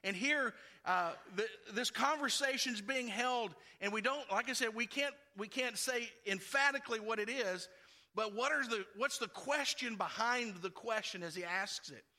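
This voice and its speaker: Bright-voiced high male preacher. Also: normal speed. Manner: conversational preaching with playful asides. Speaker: pastor. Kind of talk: sermon.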